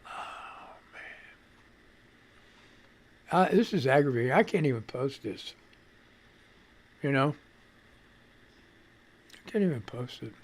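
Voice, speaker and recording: In casual live-stream commentary, the radio host grumbles and swears offhandedly as he fixes his stream setup. He has a mid-range, expressive voice, keeps a measured pace, and pauses often.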